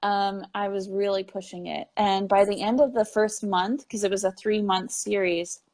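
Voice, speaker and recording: A woman's voice: medium pitch, steady tone, normal speed, a little mellow. A young woman in a casual interview, telling her story of becoming a medium in a chatty way, with plenty of fillers and little laughs.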